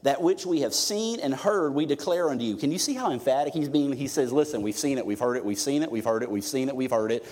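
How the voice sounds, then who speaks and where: A man's voice: medium pitch, lively intonation, fast, hardly any pauses, darkish tone. A middle-aged male pastor preaching a sermon in church, conversational and joking, with emphatic stretches. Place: church sanctuary. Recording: long hall reverb.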